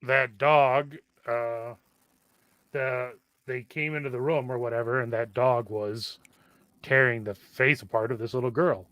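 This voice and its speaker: A man's voice: medium pitch, steady tone, a little slow, a bit bright, no room sound. Plain-spoken male podcast co-host. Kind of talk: casual podcast chat.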